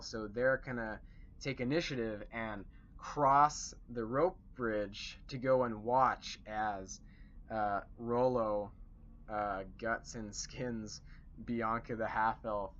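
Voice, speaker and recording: Male dungeon master, rambling recap, lowish bright voice, dull lo-fi sound, faint hiss. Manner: rambling, lots of fillers and restarts. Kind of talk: casual game recap.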